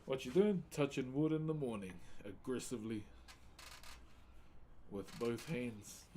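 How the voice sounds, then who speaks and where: A laid-back man with a New Zealand accent, chatting casually with viewers on a live stream while he carves wood, greeting them by name in relaxed slang. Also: medium pitch, a little slow, slight background noise.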